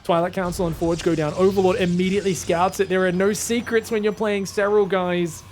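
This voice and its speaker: A man's voice: high voice, flat delivery, brisk, a little mellow, a little hiss or hum. A man giving solo play-by-play commentary on a strategy game, chatty, explaining the strategy to viewers and calling them "guys". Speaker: esports caster.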